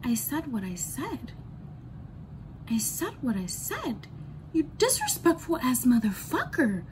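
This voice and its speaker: A woman's voice: sits high, huge pitch swings, slow, background noise. A woman ranting bluntly in a candid storytime vlog, swearing freely and repeating lines for emphasis. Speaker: vlogger.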